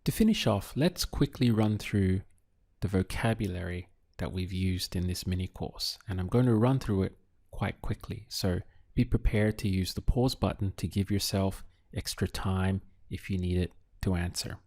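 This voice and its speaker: A man teaching a language lesson, speaking patiently in short phrases with pauses between them. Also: sits low, darkish tone. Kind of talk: slow, clear language lesson.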